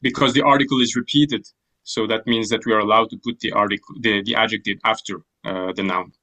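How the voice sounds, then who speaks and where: A man's voice: on the low side, fairly even intonation, fairly quick, bright, forceful tone, rough recording. Thoughtful male grammar teacher on a call. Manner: thoughtful, hesitant, many restarts. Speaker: language teacher. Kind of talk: online class explaining ancient Greek grammar.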